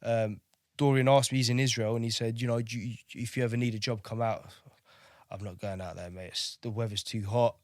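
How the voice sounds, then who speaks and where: A man in his thirties from Kosovo swaps service stories on a podcast, loose and chatty, with swearing and stumbles. His voice sits at an ordinary middle pitch and sounds dry and close. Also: fairly even intonation, a little fast, a little mellow, no echo. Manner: chatty, swears freely, repeats words while telling stories. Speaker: podcast guest, navy veteran. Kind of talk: casual interview storytelling.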